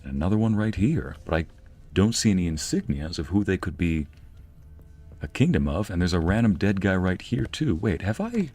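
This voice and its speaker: A man's voice: low-pitched, very animated, normal speed, darkish tone, faint music behind. A young man casually commenting on a game he is playing, joking and laughing often. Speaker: streamer narrating a game playthrough.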